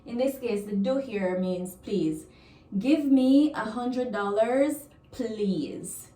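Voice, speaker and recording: A woman's voice: mid-range voice, takes it slowly, mellow, echoey room, distant mic. A woman from Jamaica with a Jamaican accent, teaching a language lesson and patiently repeating example phrases.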